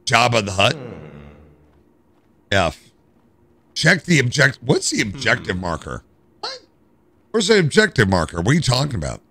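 An American man streams a game live in a husky, mid-range voice, keeping a moderate pace but pausing often. The recording has no echo, and he's animated, joking and grumbling to his chat.

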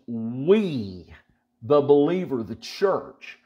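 A pastor with a mid-range, lively voice speaks a little slowly, the highs cut off in the recording. He chats casually before reading Scripture, emphatic and folksy, repeating words for stress.

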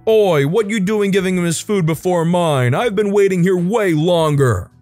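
A man voicing a rude, hungover young male customer with a put-on Scouse accent, shouting and swearing. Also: high-pitched, normal speed, no echo, soft background music, voice pushed up, lightly acted. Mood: angry shouting.

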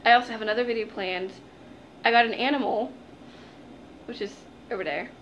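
A woman's voice: fairly high pitch, brisk, a bit bright, muffled recording, slight background noise. A young woman chatting to her viewers in a casual unboxing vlog, gushing and giggling, calling them "guys". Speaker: vlogger.

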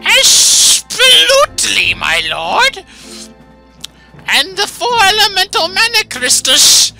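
A squeaky fawning minion. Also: male voice, wildly swooping pitch, slow pace, vocal fry, bright, forceful tone, faint music behind, heavily acted. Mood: servile. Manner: servile, high and strained.

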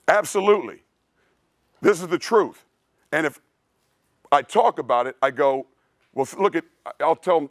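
Emphatic coach, slightly high voice. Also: male voice, no room sound, clean studio sound. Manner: emphatic, preachy, blunt; casual, says "dude" a lot. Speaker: strength coach. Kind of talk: clinic presentation.

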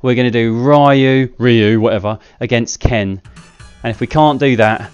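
A man giving casual, self-mocking commentary while playing a fighting game, with excitable outbursts. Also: mid-range voice, a little slow, clear, resonant tone, lo-fi sound, faint music behind. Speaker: gaming channel host.

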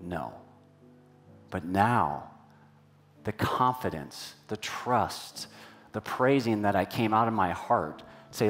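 A man's voice: low voice, lively intonation, slow, long pauses, a bit bright, faint music behind. A man preaching a sermon in a church, telling a personal story and asking the congregation questions in a conversational way. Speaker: pastor.

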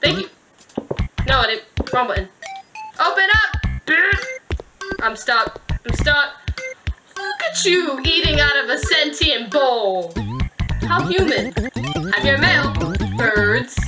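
Young woman host, high lively voice, playful let's-play chatter over game music. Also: slow pace, pauses often, rough recording. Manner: giggly, playful, talks to game characters. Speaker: gaming video host. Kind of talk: casual let's-play commentary. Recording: music playing behind the voice.

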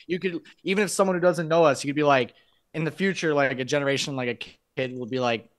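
A man's voice: a little high, fast. A man from Iowa, a metal band member, talking bluntly and swearing freely as a podcast guest. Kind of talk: casual interview chat.

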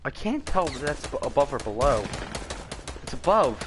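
A man's voice: medium pitch, sing-song, moderate pace. A man streaming a shooter game, muttering to himself as he plays, swearing and exclaiming at what happens. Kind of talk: live gameplay commentary. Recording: loud game gunfire behind voice.

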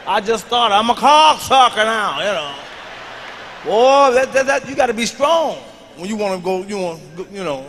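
High-pitched loud stand-up comedian man. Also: lively intonation, normal speed, a faint crowd, slight background noise. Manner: loud, profane, often shouting. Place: live comedy stage before an audience.

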